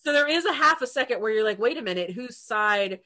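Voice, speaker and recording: A woman's voice: fairly high pitch, expressive, a little fast, bright, forceful tone. A woman co-hosting a casual book chat, talking animatedly, laughing often and acting out characters' lines. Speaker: podcast co-host.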